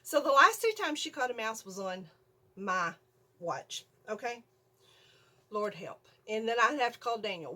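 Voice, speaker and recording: Husky older woman telling a story. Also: mid-range voice, moderate pace. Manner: animated, keeps checking in with "okay?". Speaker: vlogger. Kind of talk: casual storytelling. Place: home video room.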